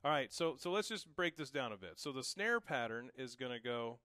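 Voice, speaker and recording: A man's voice: mid-range voice, animated, brisk, pushed and bright, slight background noise. A young man giving a casual, encouraging drum lesson, explaining each pattern and counting it aloud. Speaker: drum teacher. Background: drum kit.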